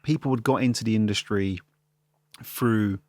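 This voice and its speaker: A man's voice: on the low side, normal speed, a little mellow, dry recording. A man from London hosting a podcast, chatting casually and telling stories with self-deprecating humour. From London, England. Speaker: podcast host. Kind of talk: casual interview chat.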